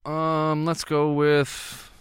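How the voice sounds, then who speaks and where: A man's voice: a little high, completely flat delivery, extremely slow, clear, resonant tone, no echo, clean studio sound. A male show host in casual comedic banter, playful and teasing.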